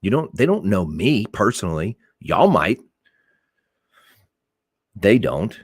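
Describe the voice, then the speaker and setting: Blunt, lively-voiced cop ranting. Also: male voice, lowish voice, slow, breathy edge, no echo, clean studio sound. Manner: emphatic, blunt and profane, repeats points for stress. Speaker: podcast co-host, police officer. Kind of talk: opinionated podcast talk.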